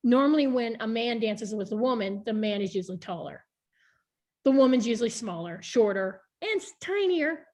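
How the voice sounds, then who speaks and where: This woman, a board member in her thirties, talks candidly about her history during a relaxed video interview and laughs frequently. Her voice sits in the mid range, with a noisy background behind her.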